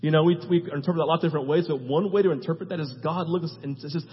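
High-voiced preacher in an echoing hall. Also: male voice, steady tone, very fast. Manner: emphatic, repeats lists, tags phrases with "right?". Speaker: pastor. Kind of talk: sermon. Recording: long hall reverb, dull sound.

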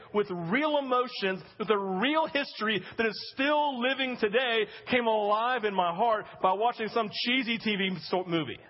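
A middle-aged male pastor preaching a sermon, telling a story with animated acted-out voices. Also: extremely high pitch, in a large hall, dull audio. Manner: animated storytelling, acting out scenes.

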